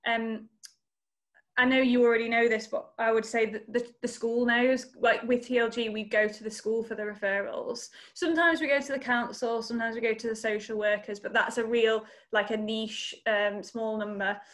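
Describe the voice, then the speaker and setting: A woman's voice: on the high side, steady tone, normal speed, fairly bright tone. Earnest woman leading a video-call workshop. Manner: earnest, encouraging, speaks of faith. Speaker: workshop presenter. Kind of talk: online conference Q&A.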